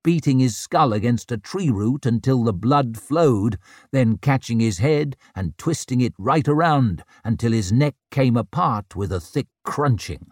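A man giving measured, grave narration of a dark fantasy audiobook. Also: medium pitch, animated, no room sound, studio quality.

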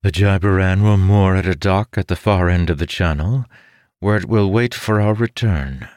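A man voicing a female scholar who briefs a war council in a measured, explaining way. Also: low voice, darkish tone, no room sound, clean studio sound, voice pushed up, lightly acted.

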